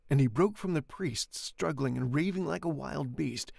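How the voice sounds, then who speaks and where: A man reading a classic novel aloud as an audiobook narrator, steady and plain, with occasional retakes. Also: fairly high pitch, normal speed, creaky, slightly rough, no echo, studio quality. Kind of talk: audiobook narration with casual asides. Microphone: studio microphone, home recording.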